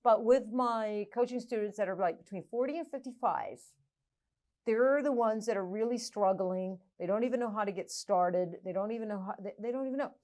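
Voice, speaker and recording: A middle-aged woman hosting a podcast, talking casually and haltingly with many restarts. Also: mid-range voice, darkish tone. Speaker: podcast host. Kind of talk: casual interview chat.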